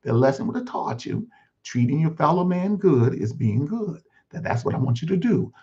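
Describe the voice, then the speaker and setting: A man's voice: fairly high pitch, big pitch swings, moderate pace, dark tone. A man voicing God as a patient, fatherly male Lord who coaxes and repeats himself in a one-man sermon skit. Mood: coaxing. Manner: coaxing, pastoral, repeats himself. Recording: dull lo-fi recording.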